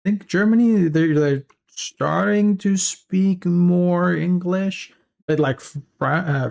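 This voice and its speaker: A streamer from Africa, chatting casually and haltingly, trailing off and correcting themselves mid-sentence. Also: mid-range voice, vocal fry, darkish tone. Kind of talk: casual stream chat while working.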